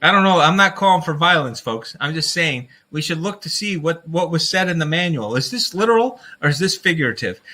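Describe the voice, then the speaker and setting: This livestream host has a sharp, somewhat high male voice. His casual stream is rambling and energetic, punctuated by frequent laughs, and he addresses his audience as folks.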